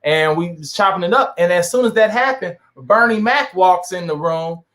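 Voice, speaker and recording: A man from Saint Louis, a guest in a casual interview, telling animated anecdotes with lots of fillers. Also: high-pitched, moderate pace. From Saint Louis, USA. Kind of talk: casual storytelling chat.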